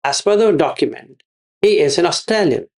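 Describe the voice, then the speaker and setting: A man's voice: fairly high pitch, animated, normal speed, gravelly. A man giving a Buddhist teaching, repeating his phrases and asking rhetorical questions. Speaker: meditation teacher.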